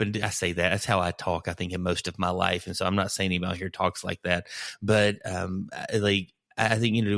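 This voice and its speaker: A man's voice: sits low, fairly even intonation, fast, creaky, a bit bright, dry recording. Dry-voiced rambling pastor, man. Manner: rambling storyteller, many restarts. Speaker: bivocational pastor. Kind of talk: casual podcast conversation.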